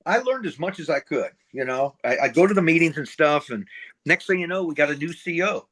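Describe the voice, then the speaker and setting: A man's voice: fairly high pitch, animated, fairly quick, fairly bright tone. An older man, a retired Marine from middle America, telling war and service stories in a blunt, profane, casual way as an interview guest. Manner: blunt, profane, acts out quoted dialogue.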